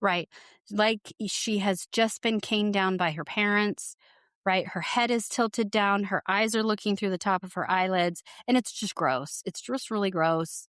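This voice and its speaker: A woman co-hosting a podcast, casually recapping reality TV scenes as an animated storyteller who quotes people in quick voices. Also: medium pitch, clear, resonant tone, no room sound, studio quality. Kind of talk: casual chat, retelling scenes.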